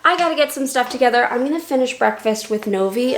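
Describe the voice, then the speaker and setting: A woman's voice: on the high side, animated, fast talker, very noisy. Chatty young woman vlogging on her phone. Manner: anxious, chatty, self-reassuring. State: numb mouth after dental work, slurred. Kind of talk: casual vlog talk to camera. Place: in a car and outdoors in snow.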